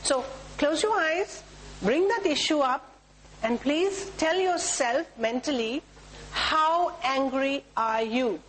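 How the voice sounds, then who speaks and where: A woman with an Indian English accent guides a roomful of people through an emotional tapping routine, her voice sitting a little high. She gives short instructions and chants the same word over and over in a steady rhythm. A faint hum runs underneath the recording. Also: takes it slowly, low-quality recording. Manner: instructive, repetitive chanting of cue words. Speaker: workshop leader. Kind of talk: guiding a group through a tapping exercise. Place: talk room with a group.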